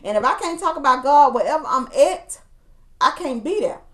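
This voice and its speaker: A woman chats on a podcast in a fairly high voice. She talks earnestly, almost like she's preaching, and tells stories by quoting the people in them. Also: lively intonation, moderate pace, a bit bright. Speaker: podcast co-host. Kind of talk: casual chat, storytelling.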